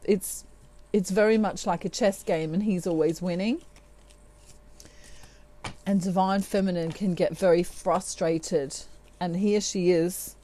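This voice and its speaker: A woman's voice: on the low side, mellow. A middle-aged woman giving a tarot reading, laughing often and acting out quoted lines. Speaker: tarot reader.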